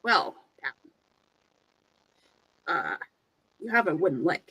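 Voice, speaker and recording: Lady doing a low flat runner voice, no drama. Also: slow pace, husky, heavily acted, low-quality recording. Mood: deadpan. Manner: flat, matter-of-fact. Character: calm, blunt fellow runner.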